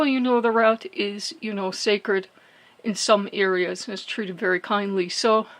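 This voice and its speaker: A woman speaking on her own devotional vlog, working through a sacred story with many pauses, fillers and restarts. Her voice sits at an ordinary middle pitch. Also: a bit bright, poor audio. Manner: halting, full of "you know" fillers and restarts. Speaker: spiritual channel host.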